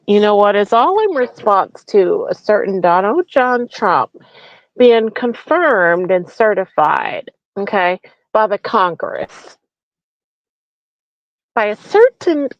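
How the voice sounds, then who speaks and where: A woman's voice: medium pitch, no room sound. A woman hosting a comedic political rant, mocking and profane, firing off rhetorical questions. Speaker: host. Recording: dull lo-fi recording.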